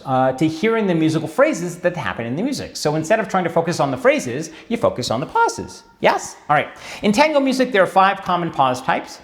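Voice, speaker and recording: A man teaching a tango music lesson in a chatty way, with wry asides and frequent "all right" check-ins. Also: fairly high pitch. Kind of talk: instructional video lesson.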